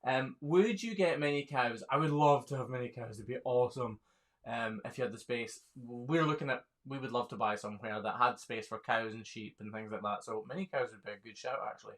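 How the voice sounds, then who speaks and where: A chatty man in his thirties, a hoof trimmer, hosts a live Q&A stream, laughing often and reading viewer comments and questions aloud. His mid-range voice is fairly bright and a little fast.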